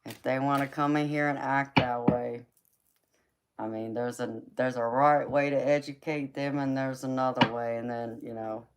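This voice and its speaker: A woman's voice: extremely low pitch, fairly even intonation, normal speed. A woman reading tarot on a live stream, talking casually with her chat and laughing often between remarks. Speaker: livestream tarot reader. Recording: noisy livestream audio.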